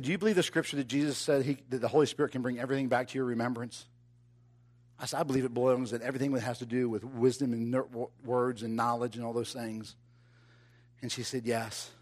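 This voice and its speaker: A man preaching, telling a personal story with animated, rising delivery that drops to quiet, intimate moments. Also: medium pitch. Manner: animated, builds to loud excited telling. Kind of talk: sermon storytelling.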